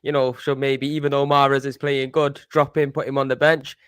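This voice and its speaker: A man's voice: mid-range voice, level tone, fairly quick, fairly bright tone, smooth, dry recording, clean studio sound. A man hosting a casual football podcast, laid-back and slangy. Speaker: podcast host.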